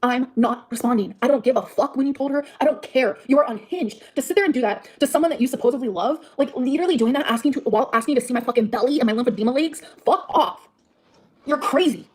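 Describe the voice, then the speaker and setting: Woman streamer venting fast and furious, a little high-pitched and sweary. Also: husky, low-quality recording. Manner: heated, profane, venting. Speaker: livestreamer. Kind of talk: angry livestream rant.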